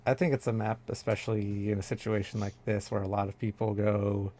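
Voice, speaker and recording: A man's voice: on the low side, level tone, a little fast, mellow, slight background noise. A man co-casting an esports match in easygoing chat, modest about his own skill. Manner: easygoing, self-deprecating. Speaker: esports caster. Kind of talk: casual commentary chat.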